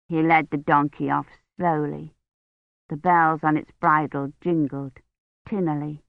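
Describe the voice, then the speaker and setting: A woman narrating an audiobook in a measured, even storytelling manner, on tinny, dry phone-like audio. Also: sits low, vocal fry, no room sound. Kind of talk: scripted narration.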